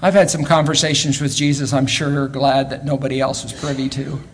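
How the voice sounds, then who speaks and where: A man preaching a sermon, animated, swinging between loud exclamations and quiet asides and often repeating words as he goes. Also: medium pitch, fairly quick, breathy edge.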